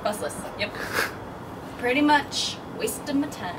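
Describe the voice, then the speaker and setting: A woman acting in a web series who delivers her lines slowly and giggles between blooper takes. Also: high voice, animated, far from the mic, heavy background noise. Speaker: webseries actor.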